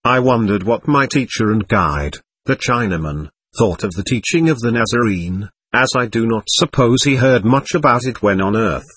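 A man reading a first-person memoir aloud at a measured, steady pace. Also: medium pitch, breathy edge, no room sound.

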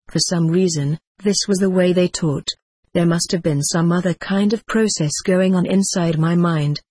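A narrator reading a first-person story aloud in a steady, earnest storytelling manner. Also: mid-range voice, slightly rough, no echo.

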